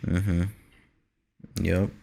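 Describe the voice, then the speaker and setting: Chill podcast cohost, low deep voice, casual, says dude and swears. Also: male voice, little pitch movement, very slow, vocal fry, warm tone. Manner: laid-back, profane, says "dude". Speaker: podcast co-host. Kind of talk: casual chat.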